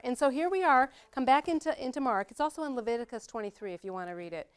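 A middle-aged woman teaching a Bible study in a chatty, lively way, often laughing as she explains. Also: high-pitched, quick pace, few pauses, clear, resonant tone.

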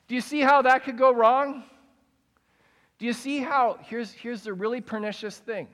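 A man's voice: very high voice, fairly even intonation, normal speed, a bit bright, long reverb tail. A man giving a conversational sermon as pastor, often asking his listeners questions. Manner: conversational, asks the audience questions.

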